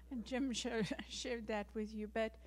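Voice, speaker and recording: A middle-aged South African woman addresses a church congregation as a missionary. Her voice sits a little high for a woman, and she talks with earnest gratitude, breaking into light laughs. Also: steady tone, slow. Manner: earnest, grateful, laughs often. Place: church sanctuary.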